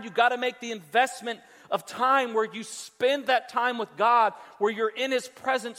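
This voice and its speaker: A man preaching a sermon to a congregation, emphatic, often repeating words as he restarts and slowing down on his key points. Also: very high-pitched, sharp tone, in a large hall. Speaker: pastor. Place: church sanctuary before a congregation.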